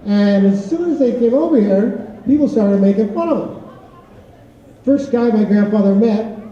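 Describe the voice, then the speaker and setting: A middle-aged man, a teacher, doing a stand-up routine of rapid one-liner jokes at a school talent show. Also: sits high, dark tone. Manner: rapid-fire one-liner joke telling. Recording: echoey, distant, lo-fi auditorium recording.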